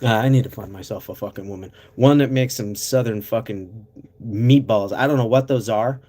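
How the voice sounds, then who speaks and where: A man's voice: on the low side, moderate pace, a little mellow. A man chatting casually on a live stream, rambling and swearing as he reads chat aloud, with bouts of coughing.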